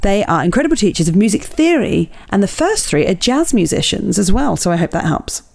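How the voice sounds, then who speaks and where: A woman's voice: medium pitch, sing-song, brisk, gravelly, darkish tone. A woman co-hosting a podcast, bubbly and teasing, who chats and reads listener emails aloud. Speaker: podcast co-host. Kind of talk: casual chat, reading listener emails.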